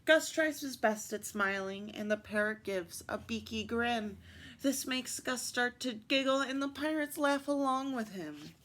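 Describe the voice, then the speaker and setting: Slow, expressive woman reading stories aloud. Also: on the high side. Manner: expressive, with asides to listeners. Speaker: story time reader. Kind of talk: reading picture books aloud.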